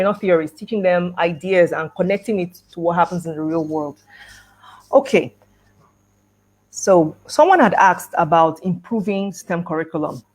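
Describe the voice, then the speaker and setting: A middle-aged woman speaking at an education conference, telling a personal story and acting out the dialogue, with light laughs. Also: on the low side. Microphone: video call.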